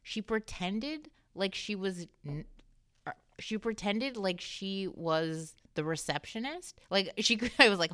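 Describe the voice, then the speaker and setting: A woman's voice: lowish voice, moderate pace, dry recording, clean studio sound. A woman guest on a casual podcast, telling a candid story with lots of laughter and acted-out dialogue. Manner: animated storyteller who acts out quoted dialogue and laughs often; swears freely in a candid, conversational tone.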